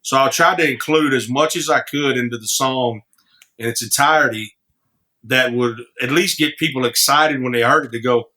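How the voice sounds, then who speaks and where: At a normal pace, in a mid-range voice with a sharp tone, a man guesting on a podcast shares rambling stories. He's a singer-songwriter who laughs easily and keeps restarting as he tells them casually.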